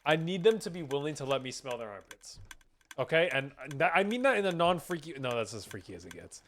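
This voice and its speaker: Young male streamer, rambling and profane, crisp bright tone, keyboard clicks behind. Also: a little high, big pitch swings, brisk. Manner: profane, rambling, reading chat aloud. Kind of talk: casual livestream chat.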